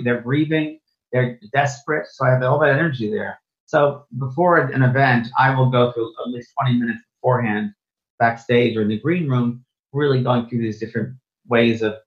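Earnest man in a lo-fi interview. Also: mid-range voice. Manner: earnest, often repeats and restarts phrases. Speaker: interview guest, spiritual medium and teacher. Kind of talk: casual interview chat. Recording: dull, lo-fi sound.

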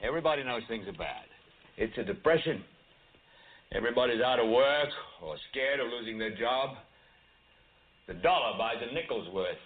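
An actor playing a furious older TV newsman, speaking a film monologue that builds from low brooding to shouted outrage. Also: lively intonation, moderate pace, long pauses, close to an everyday voice. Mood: impassioned. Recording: tinny phone-like audio.

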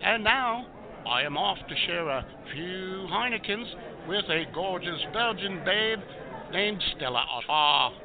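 A man voicing a slow-talking male foreign correspondent who tells a joke in a grandiose, drawn-out way. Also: sits high, expressive. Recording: tinny phone line with party crowd.

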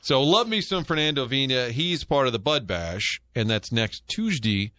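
A middle-aged man hosts sports talk radio, spinning animated stories and quick jokes at a relaxed, conversational clip. His voice sits at an ordinary pitch and comes across close and dry, with no room sound around it. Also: no echo. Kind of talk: casual sports talk banter. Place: radio studio. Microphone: studio microphone.

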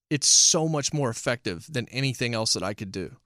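A man's voice: medium pitch, animated, a little fast, few pauses, bright, forceful tone, dry recording, studio quality. Emphatic man reviewing TV shows. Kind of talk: casual review commentary.

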